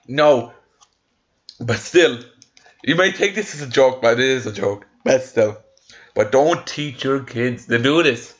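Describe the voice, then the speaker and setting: A man's voice: mid-range voice, fairly bright tone, highs cut off. A young man reading stories aloud and ranting about them, heated and full of swearing and restarts. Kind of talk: casual reaction rant.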